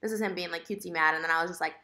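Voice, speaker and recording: A woman vlogger rattles through a breakup story at high speed. Her voice is bright and edgy, and she keeps circling back with filler words and emotional asides. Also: steady tone, very fast. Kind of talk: casual storytime rant to camera.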